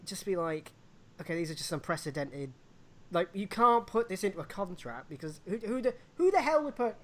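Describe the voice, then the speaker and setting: A woman co-hosting a casual live wrestling chat show, talking in an animated way and acting out little voices. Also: mid-range voice, fairly quick. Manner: animated, acts out little voices and laughs often. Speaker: podcast co-host.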